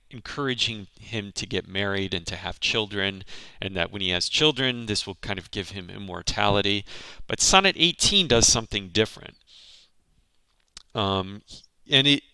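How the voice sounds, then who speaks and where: A man's voice: lowish voice, pushed and bright, clean tone, dry recording. A man teaching a literature lesson, explaining a poem line by line in a thoughtful way, with frequent ums and restarts.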